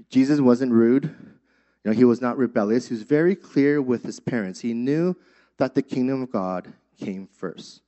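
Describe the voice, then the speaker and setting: A man's voice: medium pitch, sing-song, moderate pace, warm tone. A young man preaching a sermon as a pastor, in an easy conversational way with frequent fillers. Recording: dull lo-fi sound.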